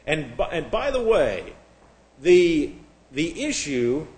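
A man's voice: on the high side, very animated, slow pace, darkish tone. A man teaching a Bible class, lecturing with frequent restarts and spelling out words letter by letter. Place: church classroom. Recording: echoey room.

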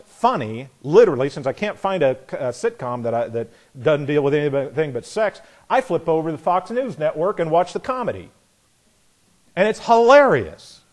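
In this sermon a man with a fairly high voice preaches folksily and sarcastically, voicing imagined people in quotes and growing louder on his punchlines.

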